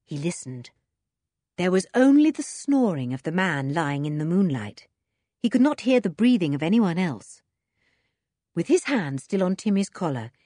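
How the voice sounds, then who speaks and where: Husky woman narrating a storybook. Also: fairly low pitch, dark tone, no echo, clean studio sound. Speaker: audiobook narrator.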